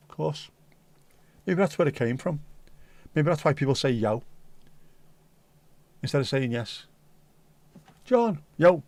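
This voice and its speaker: A man speaking at a fairly high pitch and moderate pace, with long pauses and no room sound, hosts a casual livestream. He reads out viewer comments and jokes around in dry, meandering banter, slipping into silly voices at times.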